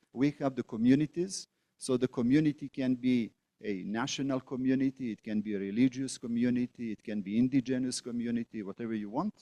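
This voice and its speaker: Man, middle-aged, guest lecturer, mellow voice, dry sound, halting with uh pauses. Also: mid-range voice, dry recording. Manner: deliberate, with frequent "uh" pauses and repetitions. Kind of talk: academic lecture. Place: auditorium.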